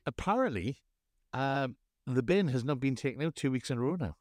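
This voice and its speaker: Lively, theatrical man hosting a podcast. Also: medium pitch, a little fast, no room sound, studio quality. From North East England. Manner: theatrical, mock-grand scene-setting. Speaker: podcast co-host. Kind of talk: casual chat.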